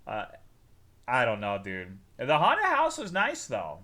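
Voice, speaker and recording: A male streamer chats casually with his viewers, swearing freely and breaking into sudden loud bursts as he tells a story. His voice is bright and forward, sitting at a middle pitch for a man. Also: wildly swooping pitch, takes it slowly.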